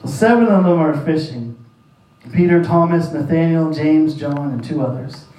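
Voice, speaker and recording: High-voiced male pastor preaching in echoey room. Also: normal speed, mellow. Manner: repetitive, emphatic preaching. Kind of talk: sermon. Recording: echoey room, distant mic.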